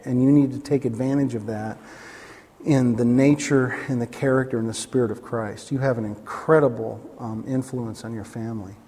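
A man preaching a sermon as a pastor, telling stories animatedly and acting out the voices in them, jumping up to excited highs. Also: normal speed, slightly rough. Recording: long hall reverb.

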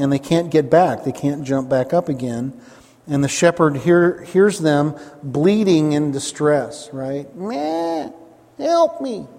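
A man's voice: fairly high pitch, darkish tone, in a large hall. A man preaching a sermon, emphatic, repeating key phrases and asking his listeners questions.

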